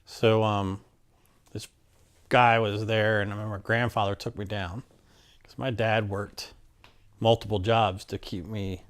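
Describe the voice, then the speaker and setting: A man's voice: fairly low pitch, little pitch movement, measured pace, long pauses. A man from Maryland being interviewed, telling a personal story in a plainspoken, rambling way and acting out the back-and-forth of old conversations. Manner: plainspoken, rambling, acts out quoted exchanges.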